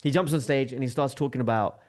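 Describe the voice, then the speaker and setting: A man, a podcast guest telling a lively anecdote in conversation and acting out the dialogue. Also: mid-range voice, quick pace. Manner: lively, acts out quoted dialogue with shifting tone.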